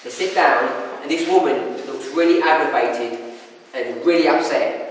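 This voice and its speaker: A man preaching a sermon, telling a marriage story in an animated way and acting out the people in it. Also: fairly high pitch. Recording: echoey hall, distant mic, faint noise.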